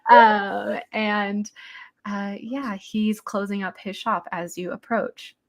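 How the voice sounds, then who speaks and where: A woman's voice: medium pitch, fairly even intonation, slow. A woman who talks in a chatty way with many fillers and asides, narrating as game master.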